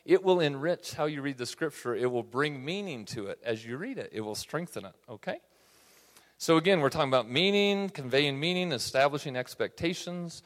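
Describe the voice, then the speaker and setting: A man's voice: on the high side, animated, brisk, a bit bright. A man teaching a Bible study class in a conversational way, often checking in with his listeners. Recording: reverberant hall.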